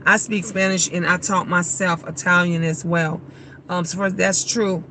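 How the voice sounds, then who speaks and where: Woman host, bright forceful voice, blunt and profane, live chat with faint background noise. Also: fairly low pitch, moderate pace. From Chicago. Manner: blunt, profane, animated venting. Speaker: livestream host. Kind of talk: casual livestream chat, reading comments.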